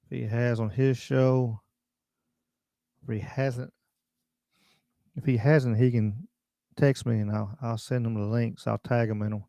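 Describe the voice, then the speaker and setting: Guy hosting a live show, gravelly low-key voice, blunt and rambly. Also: steady tone, a little slow, long pauses, mellow, no echo, studio quality. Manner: blunt, rambling, reads viewer comments. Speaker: podcast host. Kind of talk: casual livestream talk.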